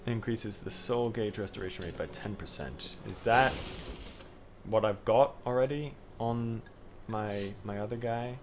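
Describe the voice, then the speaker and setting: A man streaming a video game, commenting casually and yelling and swearing at it when things go wrong. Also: lowish voice, a little slow, background noise. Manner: excitable, swears, yells at the game. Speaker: gamer streamer.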